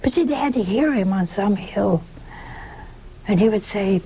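A woman's voice: mid-range voice, animated, normal speed, warm tone, a little hiss or hum. An older woman giving a conversational sermon, emphatic and full of rhetorical questions. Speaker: preacher.

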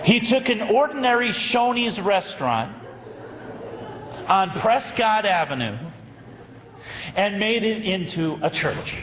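A Catholic priest, telling a story in a sermon with animated, emphatic delivery. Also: male voice, high voice, takes it slowly, long pauses, a crowd in the background. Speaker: associate pastor. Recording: roomy hall reverb with faint ambience.

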